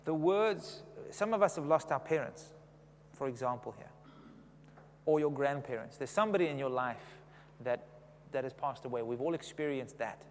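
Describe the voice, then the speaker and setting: A man's voice: medium pitch, animated, normal speed, big-room sound, a little hiss or hum. A man preaching a sermon in a conversational way, often asking the congregation questions.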